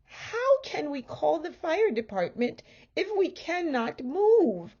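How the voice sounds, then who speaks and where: A woman voicing a fussy, doting middle-aged wife who panics easily, in a high, excitable voice. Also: slow pace, muffled recording, full character voice. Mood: panicky.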